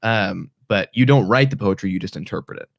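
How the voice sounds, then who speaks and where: A young man hosting a podcast in casual chat, rambling with restarts and sudden jumps in pitch. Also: fairly quick, gravelly, no room sound, studio quality. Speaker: podcast host.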